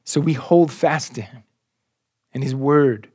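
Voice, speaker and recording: Slow, earnest man preaching a sermon. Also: medium pitch, a little mellow, husky, no room sound, clean studio sound. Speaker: pastor.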